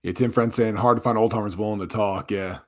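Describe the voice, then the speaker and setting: A man's voice: lowish voice, steady tone, fast, a little mellow. A man co-hosting a live podcast in casual chat, joking and crude, often laughing. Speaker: podcast co-host.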